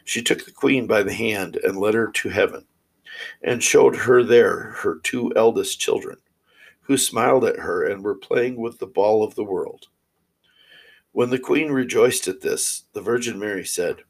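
A man reading old fairy tales aloud in a steady, measured way. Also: fairly low pitch, vocal fry, rough recording. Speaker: storyteller.

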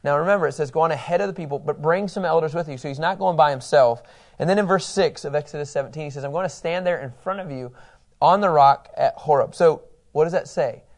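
A man's voice: a little high, fast talker. A man teaching a Bible study in a conversational, enthusiastic way, acting out quotes.

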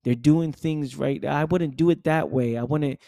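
Gravelly man giving a motivational talk. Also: fairly high pitch, measured pace, mellow, dry recording, clean studio sound. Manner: emphatic and repetitive, with many "right?" and "man" asides. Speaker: motivational speaker. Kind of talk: motivational monologue.

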